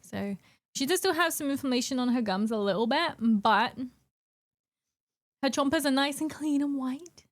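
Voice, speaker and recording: A young woman with a high voice streams from her home desk mic, chatting and giggling with viewers. She greets people by name and slips into soft baby talk for her cat. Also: normal speed, long pauses. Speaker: live streamer. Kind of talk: casual chat with stream viewers.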